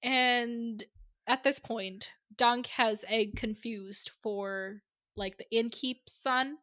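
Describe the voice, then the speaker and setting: A woman's voice: fairly high pitch, fairly even intonation, very slow, pushed and bright, dry recording. A woman on a podcast casually retelling a book's plot, laughing often and acting out characters' lines. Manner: giggly, acts out characters' lines while retelling. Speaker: podcast co-host. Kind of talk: casual book recap chat.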